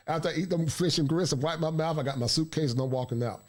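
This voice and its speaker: A man hosting a talk show, with a voice of middling pitch. He speaks in a frank, preachy manner and leans hard on his points. He also works as a therapist. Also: quick pace, hardly any pauses, darkish tone. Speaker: podcast host and therapist. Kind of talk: casual discussion.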